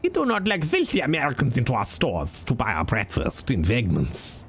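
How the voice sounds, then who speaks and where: A man's voice: mid-range voice, huge pitch swings, moderate pace, vocal fry, a bit bright, breathy edge, soft background music, full character voice. A man voicing a haughty German male grocery shopkeeper in a mock German accent, snobbish and mock-formal. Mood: snooty.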